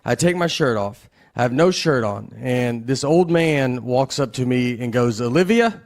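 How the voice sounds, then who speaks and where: A man performing a stand-up comedy set in a slow, deadpan drawl with wry pauses, recorded live. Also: mid-range voice. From American South. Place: live comedy venue with audience laughter.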